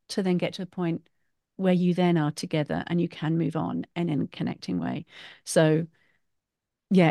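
Middle-aged woman, podcast host, lively storyteller, dry close sound. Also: lowish voice, no echo. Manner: animated, acts out voices in quotes. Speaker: podcast host, parenting coach. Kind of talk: casual conversational interview.

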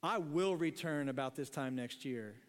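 A male pastor quoting the Lord speaking to Abraham in a calm, knowing tone during a sermon. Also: fairly high pitch, normal speed, big-room sound, pitched below the performer's own voice, natural voice.

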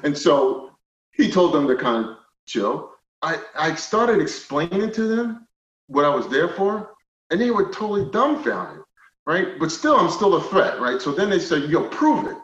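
A man telling a personal story as a podcast guest, animated, moving from quiet stretches to loud indignant retellings. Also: fairly high pitch, a little slow. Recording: roomy, slightly dull podcast audio.

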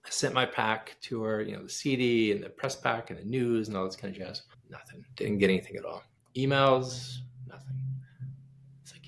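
Man with a gravelly voice telling a lively story. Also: lowish voice, moderate pace, slight background noise. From United States. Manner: animated storyteller acting out quoted dialogue. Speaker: pianist and composer, guest. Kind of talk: casual interview storytelling.

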